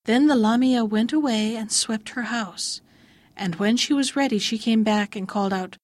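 A woman reads a fairy tale aloud in a calm, measured way. Her voice sits high, and the recording is dry and close. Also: no room sound. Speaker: storyteller.

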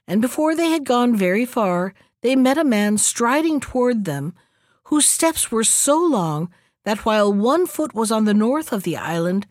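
Storybook narrator, woman, expressive reading, dry close recording. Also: a little high, no room sound. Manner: lively, expressive.

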